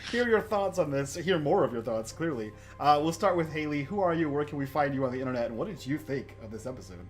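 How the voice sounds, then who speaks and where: A man's voice: fairly high pitch, lively intonation, fast, soft background music. A man hosting a tabletop game stream, giggly and loose as he asks the players for their thoughts. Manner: giggly, loose and laid-back. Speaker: game master and host.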